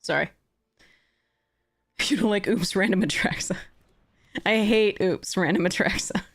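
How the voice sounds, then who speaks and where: Swearing and venting her frustration, a female streamer narrates a game live, now and then breaking into high-pitched shouts. Her pace runs a little slow.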